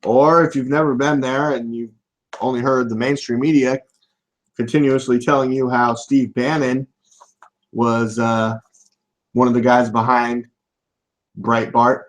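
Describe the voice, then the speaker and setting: A man hosting a live political podcast, ranting and swearing, bursting into loud shouts now and then. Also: mid-range voice, fairly even intonation, unhurried.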